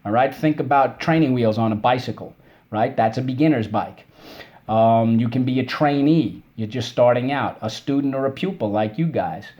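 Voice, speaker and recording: A man in the middle pitch range leads a recorded spelling lesson for children. He sounds upbeat and encouraging, praising answers and slowly stretching out each syllable when drilling words. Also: a little mellow, muffled recording. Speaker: teacher.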